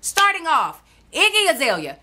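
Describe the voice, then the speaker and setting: Female vlog host, sassy and animated, bright forceful tone, slightly high. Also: moderate pace. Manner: sassy, animated, talks straight to viewers. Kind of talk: casual opinion vlog.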